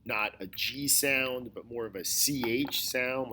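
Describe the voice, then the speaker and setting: A male history teacher giving a recorded lecture, explaining slowly and deliberately, often repeating his key points. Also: mid-range voice, sharp tone, slight background noise. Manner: slow, deliberate explaining with repetition.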